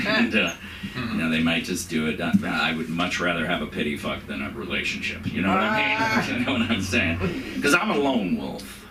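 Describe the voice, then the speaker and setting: A middle-aged man performs stand-up on a comedy club stage, his delivery halting and full of restarts. His pitch leaps around as he chuckles at his own lines. The sound is distant and roomy, with steady noise behind him. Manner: rambling, halting, laughs at own jokes. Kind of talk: open-mic stand-up set. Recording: echoey room, far from the mic, noisy.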